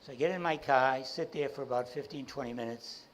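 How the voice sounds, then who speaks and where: A man in the middle of a personal story, speaking at an ordinary mid pitch with a faint hiss underneath. He brings the dialogue to life as he goes and stumbles into quick restarts. The delivery is lively and unpolished. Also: rough recording. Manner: animated, acts out dialogue from the story; halting restarts and repeated words. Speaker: entrepreneur giving a talk.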